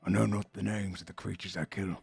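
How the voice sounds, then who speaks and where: A man voicing a hulking male arena warrior who speaks in short, clipped, quiet sentences. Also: level tone, a little fast, vocal fry, husky, soft background music, exaggerated voice. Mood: gruff. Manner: terse, clipped, quiet and low.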